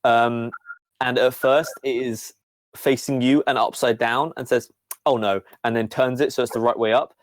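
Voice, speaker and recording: A man's voice: mid-range voice, level tone, normal speed, dry recording. A man running a tabletop game as game master, narrating in a rambling way with many fillers.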